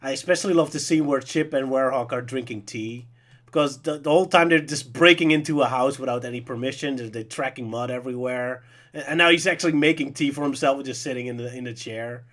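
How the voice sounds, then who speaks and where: Brief: young male co-host, mid-pitched, laughs easily, eager and opinionated in casual talk. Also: fast, a bit bright. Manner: laughing often, opinionated and enthusiastic. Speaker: podcast co-host. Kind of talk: casual chat.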